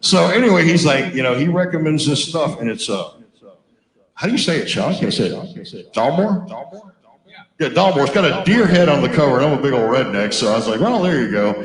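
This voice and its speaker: A man telling stories in a casual chat, swearing freely and talking with loud, boisterous energy. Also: mid-range voice, lively intonation, brisk, reverberant, a crowd in the background, low-quality recording. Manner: profane, boisterous storyteller. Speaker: musician.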